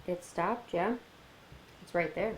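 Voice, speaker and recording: A young woman chatting through a craft tutorial, laughing often and talking gently to her toddler. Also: lowish voice, slow, a little hiss or hum, low-quality recording. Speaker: craft vlogger. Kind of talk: casual craft tutorial chat.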